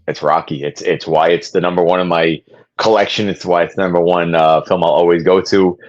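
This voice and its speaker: Deep-voiced enthusiastic collector guest. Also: male voice, lo-fi sound. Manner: enthusiastic, peppers speech with "man". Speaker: guest, physical media collector. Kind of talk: casual interview chat.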